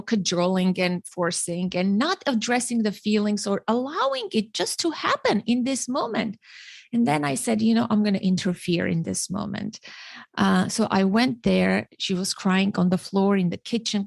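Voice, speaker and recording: A woman's voice: medium pitch, normal speed, creaky, dry recording. A middle-aged woman host and parent educator, talking earnestly in an interview, often restarting and repeating words. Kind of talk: conversational interview.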